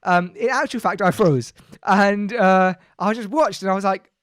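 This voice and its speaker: High-voiced young man, lively storyteller. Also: moderate pace, no echo, clean studio sound. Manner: animated, slangy, acts out quoted voices. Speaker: podcast co-host. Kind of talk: casual storytelling chat.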